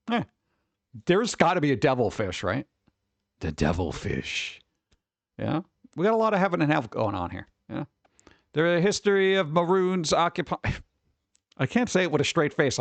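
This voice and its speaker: Animated, joking male streamer. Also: on the high side, no room sound. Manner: joking, playful, riffing. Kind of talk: casual live-stream chat.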